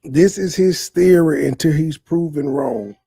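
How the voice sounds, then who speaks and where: Sarcastic man with a gravelly voice. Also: high voice, sing-song, a little slow, dark tone, no room sound. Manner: sarcastic, mocking. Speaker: livestream commentator. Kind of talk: mocking commentary on a stream.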